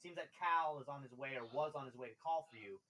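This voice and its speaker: A man's voice: medium pitch, fast talker, noisy background. A man narrating a tabletop game as game master in a loose, casual way, often laughing.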